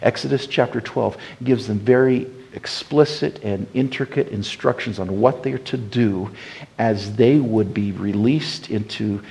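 A man preaching a sermon as pastor, swinging from loud emphatic bursts to hushed, quiet passages. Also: medium pitch, creaky, low-quality recording.

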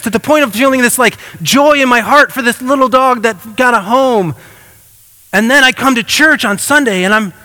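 A man's voice: very high-pitched, bright, forceful tone, long reverb tail. A man preaching a sermon, moving from a read passage into earnest, conversational talk with self-deprecating asides. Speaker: pastor.

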